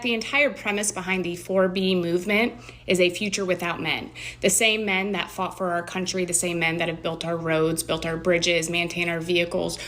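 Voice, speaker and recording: A woman's voice: on the low side, fairly bright tone. A woman delivering an indignant, lecturing monologue to the camera. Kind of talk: social video monologue.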